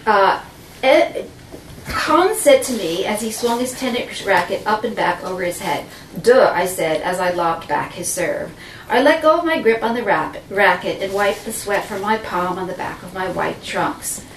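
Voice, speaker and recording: A woman telling a dramatic first-person story, theatrical and swinging between breathless and hushed. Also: medium pitch, expressive, moderate pace, slight background noise. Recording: roomy, distant mic with faint ambience.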